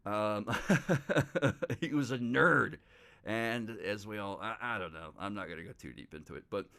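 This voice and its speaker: Crude, rambling man with a lowish voice. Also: a bit bright. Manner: profane, rambling and mocking. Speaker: podcast host. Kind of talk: casual true-crime monologue.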